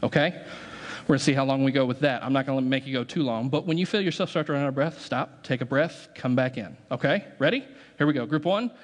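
This fast-talking pastor has a medium-pitched voice. Standing in the church sanctuary, he leads the congregation in a singing exercise, joking around and steering the crowd in a playful way.

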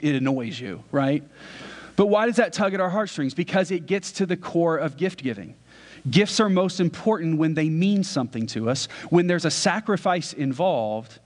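A male pastor preaching a sermon with earnest conviction, now and then asking the congregation questions. His voice sits a little higher than most men's. It rings out with a long echo through a large hall.

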